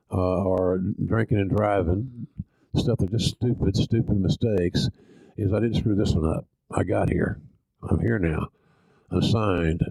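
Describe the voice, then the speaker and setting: Older Southern man from Oklahoma, low gravelly voice, dry close sound, podcast storyteller. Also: warm tone, dry recording, poor audio. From Oklahoma, USA. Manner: folksy, salty, self-deprecating. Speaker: podcast host. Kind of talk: casual storytelling.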